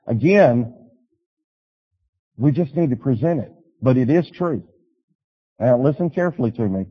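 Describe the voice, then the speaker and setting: A man preaching a sermon, telling stories and urging his listeners, swinging from loud appeals to quiet pleas. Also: medium pitch, animated, a little slow, slightly rough, in a large hall, dull audio. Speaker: pastor.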